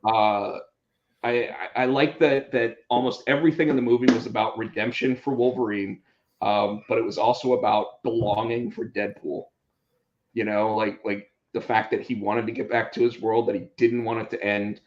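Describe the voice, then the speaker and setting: A podcast host in casual movie chat, animated, with many restarts. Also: male voice, lowish voice, moderate pace. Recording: roomy, dull lo-fi sound.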